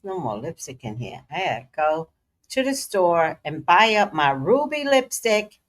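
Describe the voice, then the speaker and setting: A woman's voice: fairly low pitch, big pitch swings, moderate pace. A middle-aged woman hosting a casual livestream, playful and dramatic with slangy asides. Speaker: psychic livestream host.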